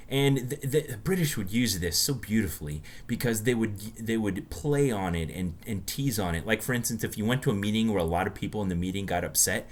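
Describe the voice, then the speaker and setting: A man from the United States with a very low voice, co-hosting a relaxed podcast chat. He tells stories in a loose, chatty way, often stopping and restarting his sentences. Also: slight background noise. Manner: chatty storyteller, many restarts. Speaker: podcast co-host. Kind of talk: casual chat.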